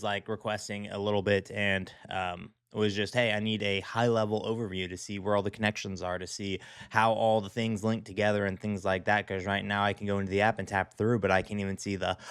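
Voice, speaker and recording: A man's voice: on the low side, a bit bright, clear, resonant tone, no echo, studio quality. A man hosting a design show, chatting casually and rambling with many fillers and restarts. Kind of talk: casual commentary on design work.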